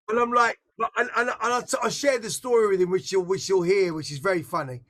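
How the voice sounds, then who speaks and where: A middle-aged man with a voice pitched high for a man. He talks in a casual interview, excitable and frank, with swearing scattered through his speech. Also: fairly quick. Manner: candid, excitable, swears freely. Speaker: interviewee, musician. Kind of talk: casual conversation.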